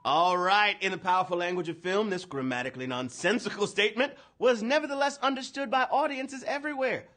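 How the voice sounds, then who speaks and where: A man hosting a live trivia game show, energetic and playful, talking slangy to the players. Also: high voice, brisk. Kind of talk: hyped livestream hosting.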